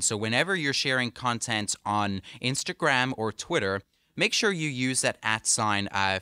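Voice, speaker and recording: A man with a South African accent who talks in a measured, proper, dry way as a podcast guest. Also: mid-range voice, pushed and bright, clear, resonant tone, no room sound. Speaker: social media guest. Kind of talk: casual podcast interview.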